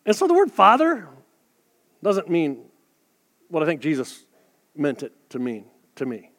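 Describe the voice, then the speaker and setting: A man's voice: fairly high pitch, huge pitch swings, unhurried, a bit bright. A man preaching a sermon as pastor, talking conversationally to his congregation and dropping joking asides. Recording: long hall reverb.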